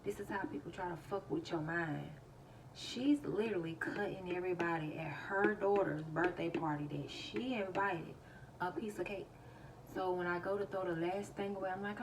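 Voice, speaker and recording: A woman's voice: lowish voice, steady tone, moderate pace, far from the mic, a little hiss or hum, poor audio. A woman casually telling her viewers a story, laughing often as she retells it. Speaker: vlogger.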